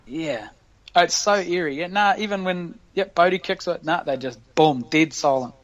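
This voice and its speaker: Give me a New Zealand man chatting casually as a podcast guest, animated and slangy, with a slightly high pitch. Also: moderate pace. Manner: animated storyteller, laughs often, slangy. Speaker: guest, professional rugby player.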